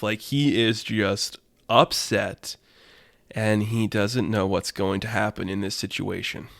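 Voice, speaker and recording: A young man hosting a podcast, narrating a made-up fight story in a rambling, animated way and laughing at his own jokes. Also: on the low side, dry recording, studio quality. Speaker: podcast host.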